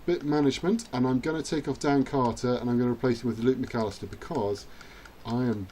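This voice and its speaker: A man's voice: mid-range voice, fairly even intonation, brisk, dark tone, a little hiss or hum. A man chatting his way through a rugby video game, self-mocking and now and then cheering at the screen. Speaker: gaming channel host. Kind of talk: let's-play commentary.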